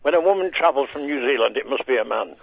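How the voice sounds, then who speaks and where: An older comedian bantering on a radio show, mock-shocked and full of wordplay. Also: male voice, mid-range voice, expressive, fast, vocal fry, narrow, tinny audio. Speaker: comedian guest.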